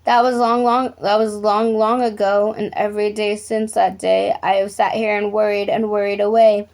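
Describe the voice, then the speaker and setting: A woman reading a rhyming picture book aloud with an even, rhythmic delivery. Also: mid-range voice, normal speed. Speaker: storyteller.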